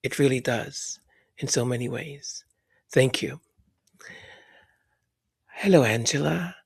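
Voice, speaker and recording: Man, podcast host, soft-spoken, halting, emotional, slow pace, dry sound. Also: medium pitch, vocal fry, breathy edge, no room sound. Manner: soft-spoken, halting, often whispering thanks. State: moved, emotional. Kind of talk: casual chat reading listener comments.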